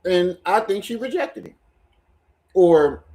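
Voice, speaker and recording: A man's voice: high-pitched, expressive, takes it slowly, warm tone. A man hosting a livestream who gives casual commentary and repeats himself in loose, chatty sentences. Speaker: livestream host.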